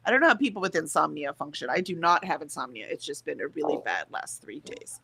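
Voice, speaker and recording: A woman's voice: sits low, sing-song, fast talker, creaky, a bit bright, slightly rough. Tired woman reading out chat comments. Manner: sleepy, laughs often. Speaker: co-host of a writing sprint livestream.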